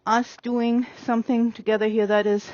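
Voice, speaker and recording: A woman horse trainer explaining her work with a mare in an open outdoor arena, calm and coaxing, with many fillers. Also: a little high, moderate pace, no room sound, muffled recording.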